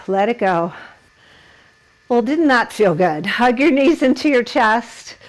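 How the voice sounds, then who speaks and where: A woman's voice: a little high, slow, rough recording. A woman leading a yoga class, giving encouraging instructions and laughing at herself while she holds the poses.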